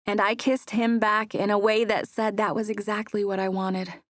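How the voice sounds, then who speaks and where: A woman narrating a first-person romance audiobook in a soft, intimate storytelling manner on a close studio mic. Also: mid-range voice, level tone, moderate pace, no room sound.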